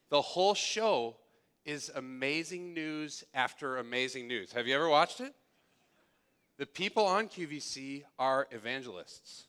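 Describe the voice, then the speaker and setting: A man's voice: mid-range voice, pushed and bright, clear, resonant tone. A male pastor preaching a sermon, playful and sarcastic as he speaks to his congregation in a church hall.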